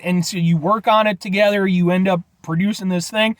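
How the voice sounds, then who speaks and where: A man's voice: high-pitched, steady tone, brisk, hardly any pauses, a bit bright, dry recording. A man giving a rambling, jokey casual vlog review, often addressing viewers as folks. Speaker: food reviewer.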